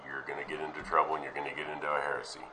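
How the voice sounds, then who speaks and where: Male preacher, low and forceful, reads verses then asks questions, faint hiss. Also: monotone, very fast, low-quality recording. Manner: reads scripture aloud, then questions and explains it. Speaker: Bible teacher. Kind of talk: Bible teaching sermon.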